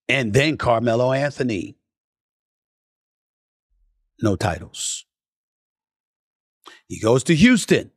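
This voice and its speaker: A man hosting a sports talk podcast, delivering an emphatic commentary monologue that climbs into passionate lists and drops into low, muttered asides. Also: no room sound, studio quality. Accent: New York. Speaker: podcast host.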